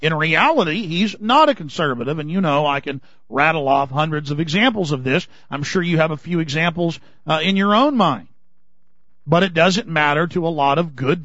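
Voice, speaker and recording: A man's voice: on the high side, fairly bright tone, no room sound, highs cut off. A man from Texas, delivering an impassioned, indignant talk radio monologue full of restarts. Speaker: political commentator.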